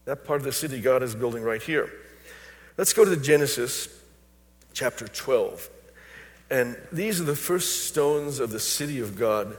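A man's voice: mid-range voice, a little slow. Older male pastor in a reverberant hall. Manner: storytelling, personal anecdotes. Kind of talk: sermon. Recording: long reverb of a large hall.

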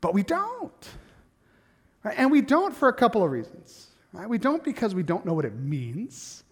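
A middle-aged man preaching a sermon in a church, animated and calling on the congregation to answer him. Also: high voice, normal speed, husky, big-room sound. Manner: animated, asks the congregation to respond. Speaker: pastor.

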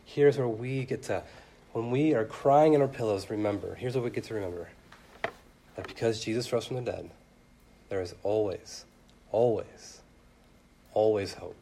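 A young man preaching a sermon earnestly, his voice swelling loud and then dropping soft. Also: lowish voice, moderate pace, pauses often, a little hiss or hum.

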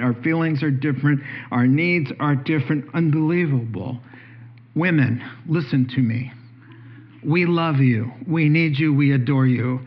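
A middle-aged man preaching a sermon, a joking storyteller whose voice jumps high as he gets animated. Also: lo-fi sound. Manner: animated, joking storyteller who rises sharply in pitch. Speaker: pastor.

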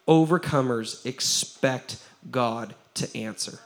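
A man, a pastor giving a lively sermon, acting out the quotes he tells and laughing often. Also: medium pitch, moderate pace.

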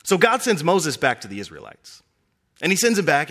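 A young man preaching a sermon, telling scripture stories with animated delivery and acting out the characters' lines. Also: fairly quick. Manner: animated storytelling, acting out characters with big pitch swings.

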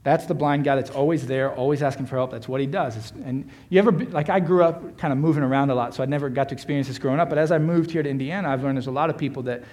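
A man's voice: medium pitch, racing, few pauses, a little mellow. A middle-aged man, a pastor, giving a sermon in a conversational, self-deprecating way with playful asides.

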